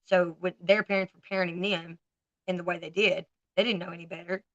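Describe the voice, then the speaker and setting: A woman's voice: on the low side, little pitch movement, brisk, no echo, muffled recording. A woman in her forties with a Southern US accent, chatting bluntly and candidly to viewers on a casual livestream. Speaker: livestream host.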